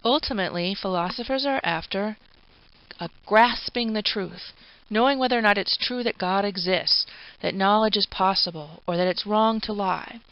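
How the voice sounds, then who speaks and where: A woman lecturing, patient and explanatory, with casual asides mixed in. Her voice has a gravelly edge. The recording is dry and a little dull. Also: medium pitch, moderate pace, dry recording. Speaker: philosophy lecturer.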